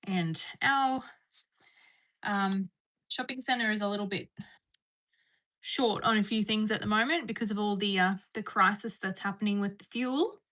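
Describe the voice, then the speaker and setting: A woman livestreaming from home speaks in a mid-range, fairly bright voice at a moderate pace, leaving long pauses. She keeps things bubbly and casual, answering messages from her viewers.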